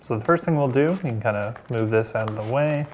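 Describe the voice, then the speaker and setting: A man giving a relaxed step-by-step installation demonstration in a workshop, talking as he works with plenty of ums and uhs. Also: mid-range voice, brisk, background noise. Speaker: installation instructor.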